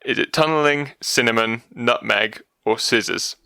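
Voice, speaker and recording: A man's voice: mid-range voice, normal speed, sharp tone, clear, resonant tone, no room sound. A man co-hosting a podcast, reading out quiz questions in casual chat, jokey and laughing often.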